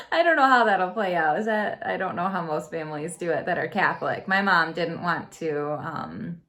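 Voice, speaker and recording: A woman in her thirties, a Catholic vlogger chatting to viewers in an earnest, gentle way, with frequent ums and soft laughs. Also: fairly low pitch, vocal fry. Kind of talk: casual chat to viewers.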